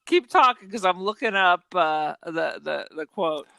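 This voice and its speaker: A woman's voice: lowish voice, lively intonation, measured pace, creaky, fairly bright tone, no room sound. A woman co-hosting a podcast, chatting casually about a film and arguing her points. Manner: chatty, argues points, laughs easily. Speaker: podcast co-host.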